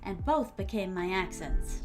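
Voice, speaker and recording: Over music, a young female streamer makes casual conversation with viewers while writing, calling them "my starlings" and speaking with refined, theatrical diction. Her mid-range voice is expressive and a little slow.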